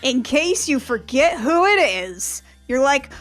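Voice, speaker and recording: A woman's voice: sits high, sing-song, slow, hardly any pauses, fairly bright tone, soft background music. A young adult woman giving casual, sarcastic commentary while playing a game with friends. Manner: sarcastic, mocking. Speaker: let's play host.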